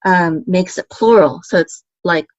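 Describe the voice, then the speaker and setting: A woman teaching Hebrew grammar step by step, patient and explanatory, often checking in with "okay?" and pausing on fillers. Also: fairly low pitch, no echo, dull audio.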